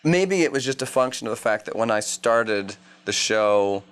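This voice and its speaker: A man in his thirties with a lowish voice answers questions as an actor at a press junket. He speaks wryly, rambles, and trips over restarts as he works his way through each answer. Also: lively intonation, moderate pace, a bit bright, smooth, faint music behind. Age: 30s. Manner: wry, rambling, stumbles and restarts. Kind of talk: casual interview answers.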